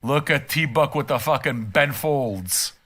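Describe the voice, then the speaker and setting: A man's voice: mid-range voice, takes it slowly, pushed and bright. An older man streaming a reaction and ranting casually from his room, profane, emphatic and heated. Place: home room.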